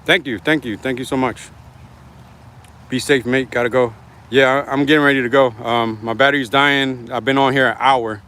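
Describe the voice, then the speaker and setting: A man's voice: medium pitch, fairly even intonation, moderate pace, bright, forceful tone, a little hiss or hum. A man hosting his own livestream in casual, rambling, slangy chat, reading out viewer comments as he talks into his phone. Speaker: livestream host.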